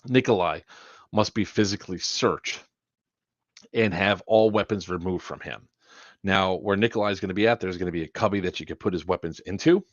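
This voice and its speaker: A man's voice: low-pitched, fairly quick, dry recording. A man organizing an event, briefing players on the rules in a casual, rambling and blunt way, with some swearing. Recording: dull lo-fi dry sound.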